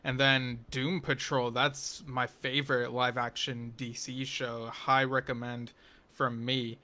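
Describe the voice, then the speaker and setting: A man reviewing a TV episode in a slow, unhurried, rambling way, with a bright, forward tone that stays fairly level in pitch. He keeps circling back with ums and restarts and slips in wry, geeky asides. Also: flat delivery. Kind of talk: casual spoken TV episode review.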